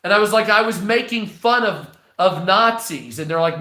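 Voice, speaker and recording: A man in his forties rants freely on a livestream, swearing often and rambling between topics. His voice is bright and pitched a little high. It rings in an echoey room. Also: moderate pace. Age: 40s. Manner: profane, rambling ranting. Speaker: livestream host. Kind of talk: casual livestream monologue.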